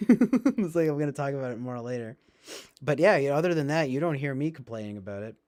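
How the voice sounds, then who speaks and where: A man's voice: medium pitch, animated, a little fast, darkish tone. A man rambling to his viewers in casual chat, sarcastic, swearing and laughing often. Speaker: streamer.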